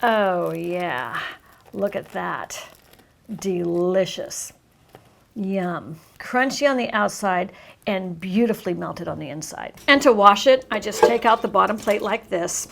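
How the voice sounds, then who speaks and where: A woman's voice: medium pitch, animated, moderate pace, creaky, fairly bright tone. A woman hosting a cooking demonstration, upbeat and exclaiming over the food, sometimes talking with her mouth full. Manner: talks with her mouth full while tasting. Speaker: cooking show host.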